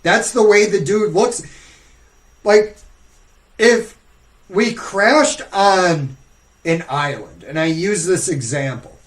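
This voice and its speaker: A man's voice: sits high, slow pace, long pauses, poor audio. A man on a casual podcast, talking in a blunt, profane, ranting way.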